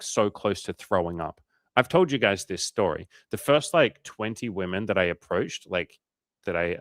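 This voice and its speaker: Young male dating coach, lower register, relaxed and profane, encouraging tone, dry close mic. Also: no echo. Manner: casual, swearing, joking, reassuring. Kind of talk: casual livestream chat reading viewer comments.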